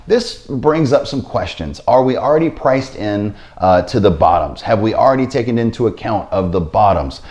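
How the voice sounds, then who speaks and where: A finance vlogger, this man hosts his own investing vlog and talks casually to camera, tossing in sarcastic asides and habitually repeating stock phrases. His voice is medium-pitched and a little mellow.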